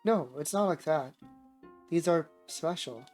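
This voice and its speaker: A man softly voicing an excitable young woman from a visual novel, eager and talkative, her lines pitched a touch above his usual speech. His throat is a little sore. Faint music plays behind her. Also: measured pace. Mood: fond. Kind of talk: reading a visual novel aloud.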